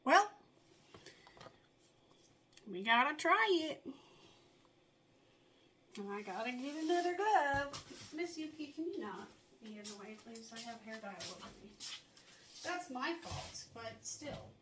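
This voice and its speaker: A woman's voice: a little high, very animated, measured pace, pauses often, sharp tone, slight background noise. A woman chatting casually in a home vlog, rambling and self-mocking, often dropping to muttered asides under her breath. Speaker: vlogger. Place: home, at a table.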